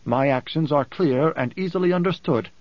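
A man voicing a calm, cryptic male advisor who lectures in a measured, composed way, in an audiobook. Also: on the high side, dry recording, close to an everyday voice. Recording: dull dry close recording.

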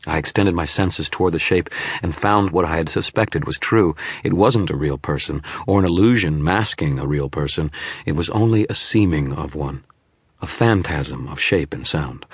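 A man narrating a first-person story with an extremely deep, husky voice. His reading is grave and measured, recorded close and dry with no room sound. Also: no room sound. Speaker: audiobook narrator.

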